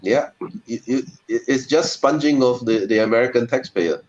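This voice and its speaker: A man's voice: medium pitch, moderate pace, a little mellow, lo-fi sound. A man with a Singaporean English accent arguing emphatically on a video call, stumbling over repeated words. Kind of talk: casual debate on a video call.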